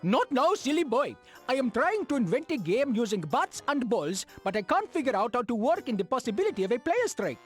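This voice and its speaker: A breathy, haughty game sportsman. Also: a little high, big pitch swings, a little fast, soft background music. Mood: dismissive. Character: dismissive cricket-inventing townsperson.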